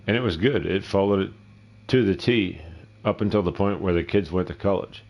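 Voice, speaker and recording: A man's voice: deep voice, fairly quick, lo-fi sound. A middle-aged man giving casual, rambling, profane commentary while streaming a game, often talking to himself. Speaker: gameplay streamer.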